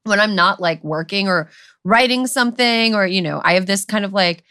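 A woman's voice: medium pitch, normal speed, pushed and bright, clean tone, no room sound, studio quality. A woman co-hosting a podcast, talking in a loose, rambling way with lots of "like" and "you know". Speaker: podcast co-host. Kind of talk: casual conversational chat.

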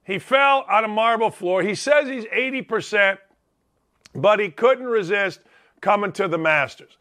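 A man's voice: high-pitched, unhurried, bright, forceful tone. A middle-aged man hosting a sports talk show, delivering a brash, rambling monologue and calling out to chat viewers.

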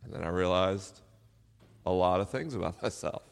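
A man's voice: low voice, normal speed, vocal fry, a little hiss or hum. A middle-aged man, a podcast host, telling a personal story live to an audience, self-deprecating and laughing often. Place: live venue. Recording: live hall with long reverb.

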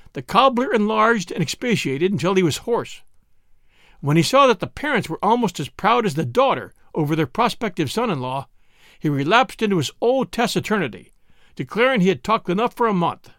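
A man reading an old novel aloud as an audiobook narrator, with expressive storytelling. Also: high voice, no room sound, studio quality. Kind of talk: scripted narration.

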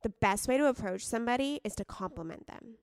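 Young woman podcast co-host, teasing and blunt, smooth, slightly high voice, close and dry sound. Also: lively intonation, fast talker. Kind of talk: casual chat.

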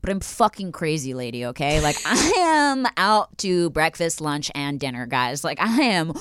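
A woman hosting a podcast, telling animated, profane stories in casual chat. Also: low voice, normal speed, smooth, dry recording. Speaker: podcast host.

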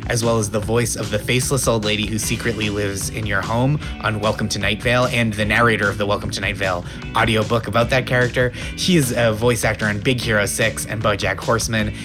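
Playful man hosting a game show. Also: lowish voice. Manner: playful, self-mocking, laughs often. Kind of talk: casual chat.

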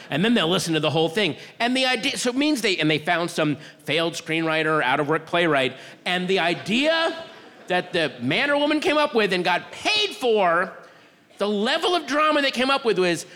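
Animated male stand-up comic on stage. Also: high-pitched, moderate pace. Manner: animated, exasperated storytelling with acted-out voices. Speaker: stand-up comedian. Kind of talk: stand-up comedy set. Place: theater stage. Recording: live show in a hall with audience.

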